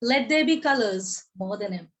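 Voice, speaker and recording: A woman's voice: on the high side, expressive, moderate pace. A woman reciting her own poem on a video call, repeating lines for emphasis, her voice tiring. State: voice tiring, coughing. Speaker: poet reading her work. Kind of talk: poetry recital.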